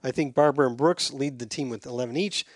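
A man's voice: medium pitch, fast talker, no room sound, clean studio sound. A man hosting a casual sports podcast, chatting and reading listener emails aloud in a self-deprecating way.

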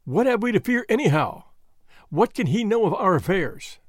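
A man doing a loud, domineering lodge boss. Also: high voice, big pitch swings, moderate pace, dry recording, studio quality, voice pushed up. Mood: hearty, stern. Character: stern older male lodge boss, hearty and domineering.

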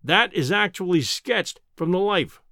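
A man doing a pompous, booming professor. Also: lively intonation, measured pace, bright, forceful tone, no echo, clean studio sound, full character voice. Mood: scornful. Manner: booming, overbearing, mocking. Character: pompous, scornful male professor of science.

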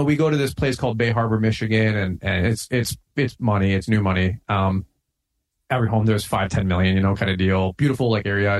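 A middle-aged man speaks in a casual podcast chat, intense and fired up. He leans on "like" and "man" and drives his points home bluntly. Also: lowish voice. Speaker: podcast guest, lawn care business owner.

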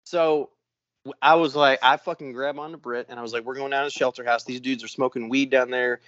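A man's voice: medium pitch, brisk, no echo. A man telling a story in a casual podcast chat, swearing constantly and acting out what others said. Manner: profane, animated storyteller acting out quotes. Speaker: podcast co-host. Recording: muffled lo-fi dry sound.

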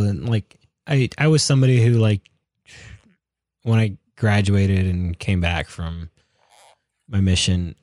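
Low-voiced man, casual rambling chat. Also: a little mellow, no room sound, clean studio sound. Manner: rambling, many fillers and restarts. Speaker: podcast co-host.

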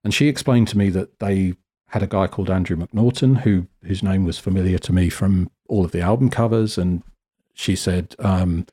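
A British man telling a lively, self-deprecating story as a guest photographer in a casual interview. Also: deep voice, normal speed, husky. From Britain. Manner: animated, self-deprecating, acts out quotes.

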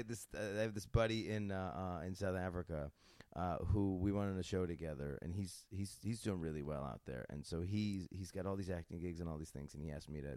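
A young American man chats casually, his voice sitting a little low. He rambles through stops and restarts and laughs easily. The sound is dry and close. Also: darkish tone, no room sound. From upstate New York. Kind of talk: casual chat.

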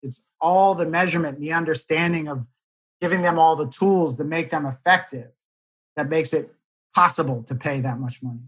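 A podcast host making his points in a calm, measured way. His voice sits slightly high for a man and is husky. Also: rough recording. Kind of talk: podcast conversation.

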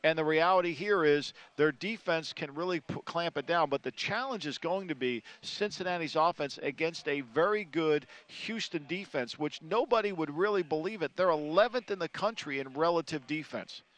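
A man's voice: a little high, moderate pace, few pauses, fairly bright tone. A man analyzing college football in casual talk, emphatic and repeating "I think".

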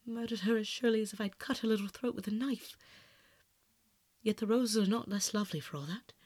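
A man's voice: high-pitched, a little fast, a little mellow, dry recording. A man reading aloud, voicing a passionate, self-absorbed young male aristocrat with earnest, pleading outbursts, in a dry, close sound. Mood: musing. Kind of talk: audiobook narration.

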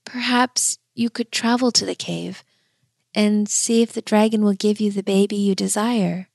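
A woman's voice: mid-range voice, steady tone, moderate pace, gravelly, no room sound, clean studio sound. Woman doing a kindly old gardener. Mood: gentle. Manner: gentle, confiding.

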